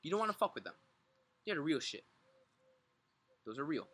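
A man's voice: on the high side, fairly quick. A man co-hosting a podcast, joking and swearing, speaking thickly and running his words together. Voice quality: thick, mumbled articulation. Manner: excitable, swears a lot, laughs often. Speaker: podcast co-host. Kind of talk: casual podcast banter.

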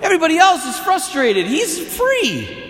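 Male preacher, earnest and wry, lively high voice, big echoing hall. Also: normal speed. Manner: animated, earnest, with wry humor. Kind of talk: sermon. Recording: echoey hall with long reverb.

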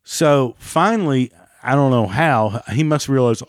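A man angrily retelling a story, swearing heavily and pitching up when worked up. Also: expressive, measured pace, few pauses, no echo, clean studio sound. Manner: heated, heavy swearing, rising pitch when agitated. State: still angry about the event. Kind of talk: angry personal storytelling.

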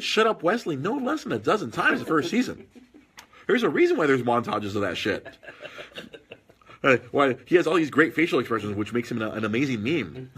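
A man telling stories in casual podcast chat, animated, with husky tone. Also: medium pitch. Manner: animated storytelling with put-on quoted voices.

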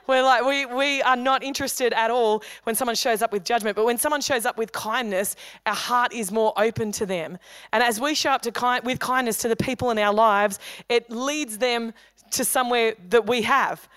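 Woman pastor preaching, chatty and jokey, clear smooth voice, dry sound. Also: a little high, fairly bright tone, dry recording. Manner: conversational, humorous preaching with quick asides. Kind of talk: sermon. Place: church hall.

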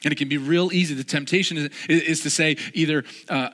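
A man's voice: on the high side, a little fast, few pauses, fairly bright tone. A man preaching a sermon, telling a personal story and repeating key phrases with earnest emphasis.

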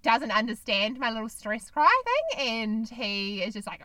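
A woman with a fairly high, bright voice co-hosting a casual podcast. She talks things through in an earnest, reflective and opinionated way. Her voice sounds dry and close, with no room echo. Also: animated, moderate pace, hardly any pauses. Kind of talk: casual chat.

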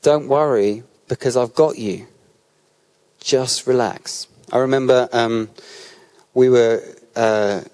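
A man's voice: lowish voice, darkish tone. A man with a British accent giving a sermon at a church, talking casually and telling personal stories, often restarting his sentences. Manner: conversational storytelling with frequent restarts. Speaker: church speaker.

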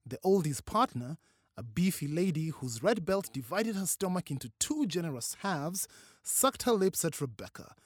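Audiobook narrator, lively pitch swings, dry close sound, expressive reading. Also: normal speed, husky, dry recording. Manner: expressive, varied delivery.

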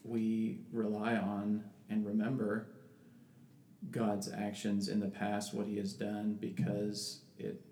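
A man's voice: on the low side, completely flat delivery, slow pace, warm tone. A man in casual religious discussion who talks thoughtfully with many restarts and reads scripture aloud. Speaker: podcast co-host. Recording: echoey room with background noise.

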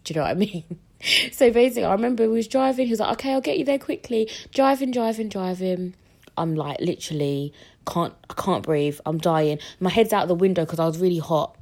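Animated young British woman telling a story. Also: medium pitch. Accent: British English. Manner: animated, acts out quoted voices, slangy. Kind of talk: casual storytelling.

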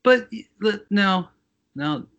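A man with a fairly high, very lively voice makes sarcastic, emphatic points in a casual podcast chat. The sound is dull and lo-fi. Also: slow. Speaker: school teacher and musician, podcast guest.

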